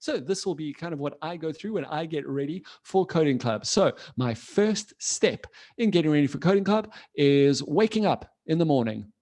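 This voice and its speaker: A man teaching an online coding class for children from his computer, playful and animated, constantly asking the kids questions. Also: fairly high pitch, moderate pace, few pauses. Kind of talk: live online children's lesson.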